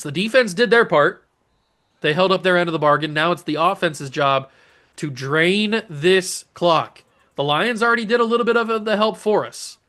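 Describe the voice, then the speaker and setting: A man hosting a gaming channel, giving casual, animated let's-play commentary as he pleads with his players and cheers their plays. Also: a little high.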